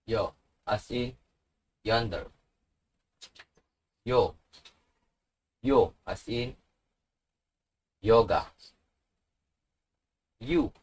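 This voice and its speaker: A man teaching a language tutorial, pronouncing each letter slowly and repeating it with example words. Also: fairly low pitch, a little mellow, breathy edge, dull audio. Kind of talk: slow instructional tutorial.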